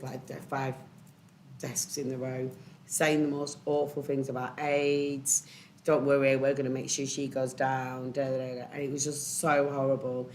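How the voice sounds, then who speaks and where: A woman on a panel, telling a personal story candidly and emotionally, with many pauses and ums. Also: extremely low pitch, darkish tone, a little hiss or hum. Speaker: panel speaker.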